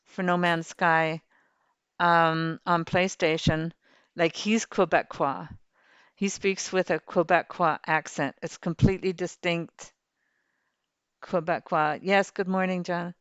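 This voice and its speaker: Cheerfully rambling through a farming game on stream, a woman chats and laughs easily. Her fairly low voice has a fairly bright, clear, resonant tone. There is no echo, and the highs are cut off.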